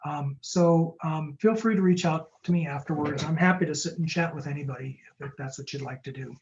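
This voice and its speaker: A man, a startup lawyer, giving a quick, jokey webinar talk and answering audience questions over a video call. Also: fairly high pitch, muffled recording. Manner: fast-talking, jokey and upbeat.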